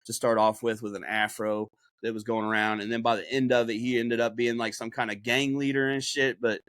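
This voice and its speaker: A man's voice: medium pitch, flat delivery, brisk, a bit bright, no echo. A man hosting a podcast in casual, rambling chat, swearing freely. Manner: rambling, heavily profane. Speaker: podcast host and game streamer.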